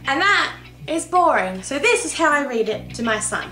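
Woman, casual reading host, playful and self-mocking, animated high voice, roomy echo. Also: moderate pace, music in the background. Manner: playful and self-deprecating, laughing. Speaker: reader and video host. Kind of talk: casual vlog intro.

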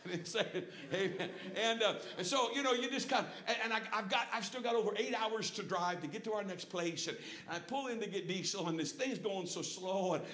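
A middle-aged man preaching a folksy sermon with personal stories, swinging from hushed asides to shouted praise. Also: high voice, a little fast, few pauses. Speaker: pastor. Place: church sanctuary. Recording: echoey church room. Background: congregation calling out responses.

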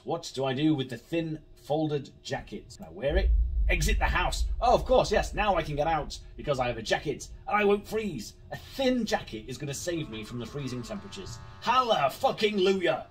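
Sweary gamer, lively pitch. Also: male voice, recorded from a distance. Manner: sweary, jumpy and sarcastic. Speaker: gaming YouTuber. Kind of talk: horror game commentary.

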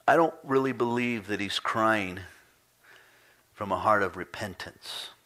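A man preaching a sermon as pastor, reading scripture dramatically, rising into pleading cries and dropping to quiet emphasis. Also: lowish voice, unhurried. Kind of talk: expository sermon. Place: church sanctuary.

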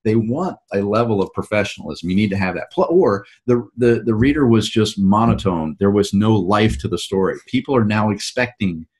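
A man's voice: fairly low pitch, animated, normal speed, hardly any pauses. A man, an author and show host, talking casually in an interview and explaining at length with frequent restarts.

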